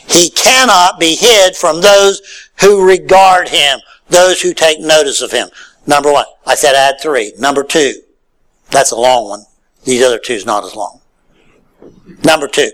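Animated preacher man, high voice. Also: moderate pace, low-quality recording. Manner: animated preaching, swinging from loud emphatic lines to hushed low ones. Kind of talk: sermon.

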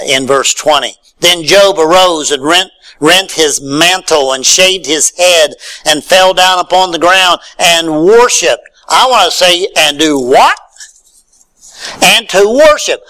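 A man's voice: high-pitched, sharp tone, rough recording. A man preaching a sermon, reading scripture aloud and then retelling it in his own words with rising emphasis and rhetorical questions.

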